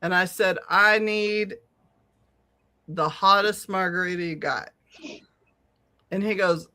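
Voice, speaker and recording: Bright-voiced woman telling a story. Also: mid-range voice, slow, pauses often. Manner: animated, profane storyteller who laughs often. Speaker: podcast co-host. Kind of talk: casual storytelling chat.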